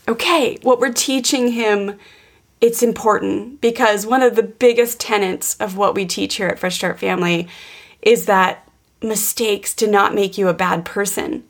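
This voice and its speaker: A woman in her thirties co-hosting a parenting podcast, telling family stories earnestly with lively quoted voices. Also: medium pitch, normal speed, vocal fry. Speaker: podcast co-host, parenting coach. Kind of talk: casual podcast conversation.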